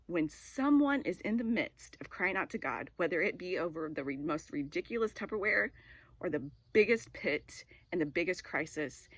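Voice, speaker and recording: A woman's voice: on the low side, animated, normal speed, no echo. A woman in her forties giving a casual devotional talk. She tells a personal story in a rambling way with many filler words. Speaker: devotional speaker.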